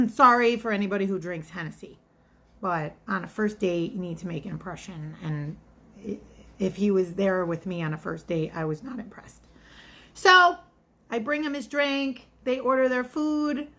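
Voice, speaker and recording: A woman's voice: medium pitch, normal speed, fairly bright tone. A woman in her thirties or forties telling a story in a casual vlog, chatty and rambling, full of asides. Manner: chatty, rambling asides, acts out quoted voices. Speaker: vlogger and restaurant server.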